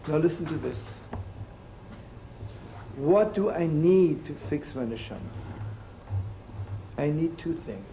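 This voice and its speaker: A rabbi delivers a storytelling sermon full of jokes, acting out the voices of his characters. His voice is a little high, expressive and dark-toned, and he goes slowly with long pauses. The live talk has poor audio and faint room noise.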